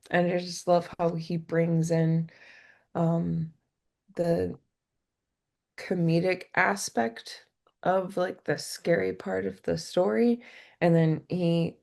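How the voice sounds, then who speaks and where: Laid-back woman, kinda low and gravelly, slow talker, giggly storyteller. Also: darkish tone. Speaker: podcast guest. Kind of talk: casual chat.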